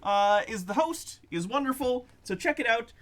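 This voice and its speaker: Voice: mid-range voice, lively intonation, moderate pace, a crowd in the background. A player chatting casually at a tabletop game table, joking and self-deprecating. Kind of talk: casual chat.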